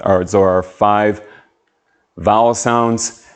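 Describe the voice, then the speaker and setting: A man teaching an English lesson on video, speaking slowly and carefully as he models sounds and words. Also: lowish voice, steady tone, clean tone. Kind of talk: slow, clear classroom video lesson.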